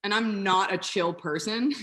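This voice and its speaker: A woman in her thirties talks as a comedian guest on a video call. Her voice sits at an ordinary pitch. She chats in a lively, self-mocking way, full of quick asides. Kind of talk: casual interview chat.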